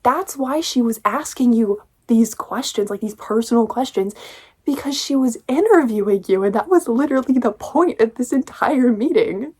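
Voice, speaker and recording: A woman's voice: a little high, animated, moderate pace, a little mellow, breathy edge. A woman giving a casual, sarcastic book review, critiquing with exasperation.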